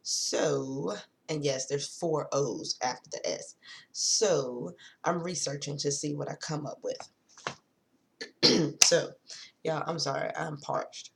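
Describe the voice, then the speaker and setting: A woman's voice: low-pitched, steady tone, gravelly, a bit bright, slight background noise. A woman talking casually to viewers in a spiritual vlog, reading from her notes, often drifting off topic and apologizing. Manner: reads notes slowly, rereads long sentences. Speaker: spiritual vlogger.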